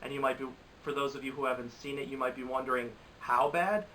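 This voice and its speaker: A man's voice: medium pitch, monotone, rapid-fire, sharp tone, distant mic, slight background noise, rough recording. A man giving casual, rambling, exasperated commentary on bad movies, often restarting his sentences. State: recovering from a cold. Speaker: movie reviewer.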